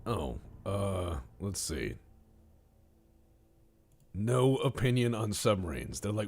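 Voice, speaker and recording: A man's voice: on the low side, sing-song, takes it slowly, pauses often, a little mellow, husky. A man streaming a naval strategy game, giving playful, rambling commentary with jokey asides to his chat. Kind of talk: casual live-stream commentary.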